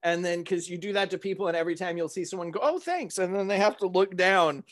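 A man's voice: sits high, fast. A man hosting a podcast in casual chat, telling stories and acting out movie quotes with lots of energy. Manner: animated storyteller, acts out movie quotes.

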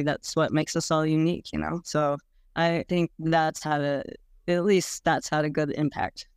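A woman's voice: deep voice, a little mellow, clean tone, no echo, clean studio sound. A woman recalling her own experiences in an interview, speaking frankly and casually, full of "like"s and the odd blunt swear word. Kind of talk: candid personal recollection.

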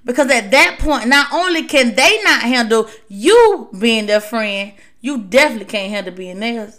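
A woman's voice: fairly high pitch, animated, normal speed, fairly bright tone. A woman hosting a podcast, giving emphatic advice in a casual monologue, repeating words for stress. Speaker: podcast host.

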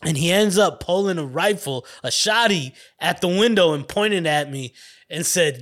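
A man around forty with a somewhat high voice, hosting his own podcast. He tells stories in a loose, rambling, foul-mouthed way, circling back and restarting as he goes. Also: animated, moderate pace, fairly bright tone. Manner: rambling, profane, laid-back, restarts and laughs often. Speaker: podcast host. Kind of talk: casual storytelling monologue.

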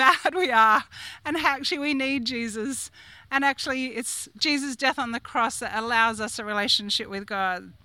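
A woman's voice: high-pitched, sharp tone, no echo. A woman, a guest preacher giving a chatty sermon, asking the congregation questions and laughing often. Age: 50s. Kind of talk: conversational sermon.

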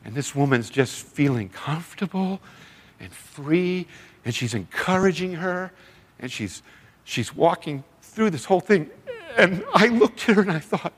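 A man's voice: a little high, big pitch swings, normal speed. Heartfelt man preaching in a reverberant hall. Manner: heartfelt, acts out other people's lines. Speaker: seminar speaker, former youth pastor. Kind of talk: storytelling sermon. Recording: long reverb of a large hall.

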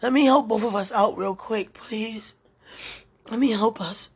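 A woman speaking an emotional prayer out loud, pleading and tender, repeating her phrases. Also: on the high side, measured pace, breathy edge.

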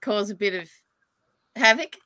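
Giggly Australian woman, bright voice. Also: mid-range voice, unhurried, slight background noise. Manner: giggly, chatty. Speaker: psychic medium guest. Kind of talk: casual chat.

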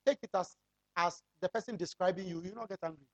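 A pastor preaching a sermon, firing rhetorical questions at the congregation and drawing out key phrases slowly for emphasis. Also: mid-range voice, muffled recording.

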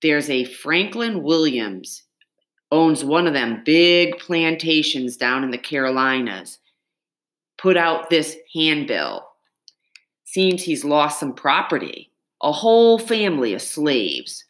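A woman's voice: low-pitched, sing-song, takes it slowly, heavily acted. A woman voicing a blunt male county constable who talks in clipped, folksy sentences. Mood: warning.

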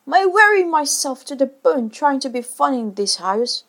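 A woman voicing a blustering, self-pitying middle-aged father in a storybook reading, talking loudly and shouting. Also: sits high, sing-song, normal speed, voice pushed up.

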